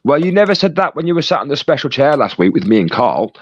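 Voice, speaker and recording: A man's voice: on the high side, sing-song, fast talker, slight background noise. A man acting as chat moderator, reading out live stream messages and bantering jokily with viewers. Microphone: phone call. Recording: dry, dull lo-fi sound.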